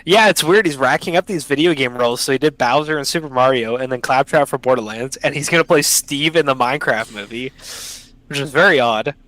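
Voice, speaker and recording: This podcast host is a young man with a medium-pitched, slightly bright voice who talks a little fast. He leads a casual chat over an online call, sounding enthusiastic and slangy while interrupting himself mid-thought, and the audio is rough.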